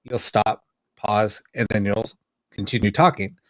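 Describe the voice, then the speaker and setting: Here a man with a lowish, unhurried voice spins a story while co-hosting a podcast, lively as he acts out what others said. He's a paranormal investigator in casual conversation, and the rough recording has no echo.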